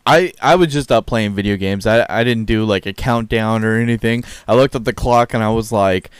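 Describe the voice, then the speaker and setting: A man's voice: lowish voice, normal speed, few pauses, clean tone, no room sound. A young man co-hosting a podcast in casual chat, joking crudely, swearing freely and laughing often. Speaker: podcast co-host.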